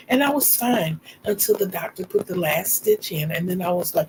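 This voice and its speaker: This middle-aged woman runs a livestream where she warmly tells personal stories, laughs a lot, and talks to the audience as "y'all." Her voice is on the low side and animated, moving at a normal speed with hardly any pauses, while heavy background noise fills the recording.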